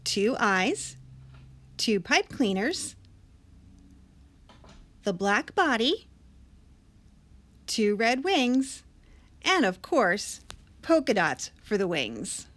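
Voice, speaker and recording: Children's librarian lady, slow and gentle, lively sing-song pitch. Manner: gentle, patient, speaking to young children. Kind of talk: storytime reading and craft tutorial.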